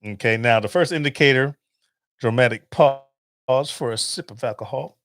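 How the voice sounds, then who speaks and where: In a casual podcast monologue, a man tells stories animatedly, laughing and performing phone calls. He speaks at a normal speed in a mid-range voice, captured in studio quality with no echo.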